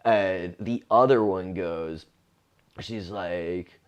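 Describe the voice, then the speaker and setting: A man's voice: low voice, measured pace, darkish tone, highs cut off. A man in his forties, a comedian, telling a loose, profane story with lots of restarts in a casual monologue. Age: 40s. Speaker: comedian and podcast host.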